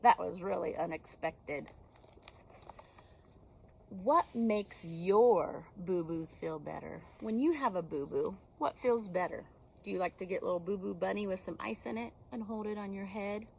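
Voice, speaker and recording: A woman teacher reading a picture book aloud to young children, gently asking them questions. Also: medium pitch, unhurried, vocal fry, slight background noise.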